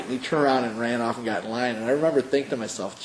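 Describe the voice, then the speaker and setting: A man's voice: medium pitch, very fast. Earnest middle-aged man telling a story. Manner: earnest storyteller, emotional, many fillers. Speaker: pastor being interviewed. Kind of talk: oral history interview. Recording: roomy with faint hiss.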